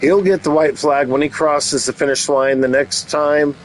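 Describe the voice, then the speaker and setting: A man with a slightly high, steady voice calls a race at a moderate pace for his channel, dropping jokey, teasing asides between calls. The recording is low quality.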